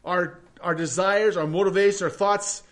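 A man preaching a sermon as pastor, earnest, swinging from loud emphasis to hushed prayer. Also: high-pitched, fairly even intonation, normal speed.

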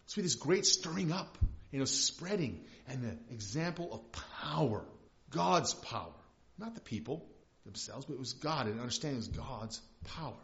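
A male pastor giving a conversational, emphatic sermon, often restarting his phrases. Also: on the high side. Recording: slightly dull lo-fi recording.

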